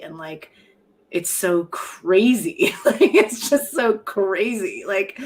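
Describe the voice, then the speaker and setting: A woman's voice: medium pitch, animated, slow pace. A middle-aged woman, a poet and professor, talking frankly and reflectively in an interview, often laughing at herself. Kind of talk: candid conversational interview.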